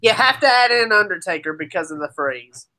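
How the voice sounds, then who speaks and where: A woman co-hosting a podcast in casual chat, excitable with loud exclamations. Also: on the low side, fairly quick, poor audio. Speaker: podcast co-host.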